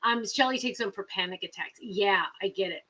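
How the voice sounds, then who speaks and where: A woman's voice: medium pitch, a little fast, bright, forceful tone. A woman hosting a casual live chat, reading viewer comments aloud and talking emphatically with lots of repetition. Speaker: livestream host.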